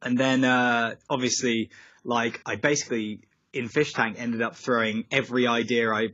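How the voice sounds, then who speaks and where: A young man talks loosely over a video call, wandering off on tangents and padding his sentences with ums and likes. His voice comes across bright and forward. The call audio is dry and a little dull. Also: medium pitch, fairly even intonation, moderate pace, no echo. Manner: rambling, goes off on tangents, many fillers. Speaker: musician guest.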